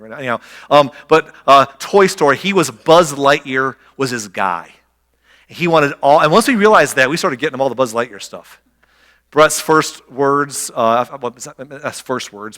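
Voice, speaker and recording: A middle-aged man preaching a sermon as a pastor, telling stories and acting out quotes with animated energy. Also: mid-range voice, in a large hall. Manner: animated storytelling, acts out quotes. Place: church sanctuary.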